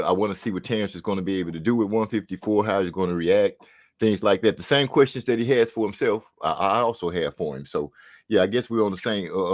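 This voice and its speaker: A man hosting a boxing talk show, chatting casually and rambling with frequent fillers and restarts. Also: lowish voice. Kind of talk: casual livestream commentary.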